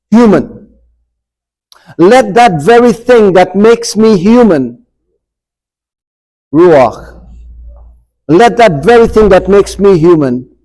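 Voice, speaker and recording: A man teaching an adult church forum, asking the group questions and reading scripture verses slowly. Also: sits high, darkish tone, rough recording. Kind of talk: Bible study lecture. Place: church meeting room.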